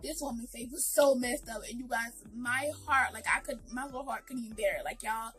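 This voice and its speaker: A woman's voice: fairly high pitch, a little fast, fairly bright tone, soft background music, rough recording. A woman vlogger telling an emotional storytime, speaking earnestly and directly to her viewers with lots of fillers.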